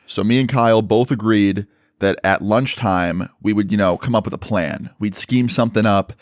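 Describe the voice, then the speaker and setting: Lowish-voiced man telling a casual story. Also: normal speed, dry recording, studio quality. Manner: animated, swears freely, many fillers.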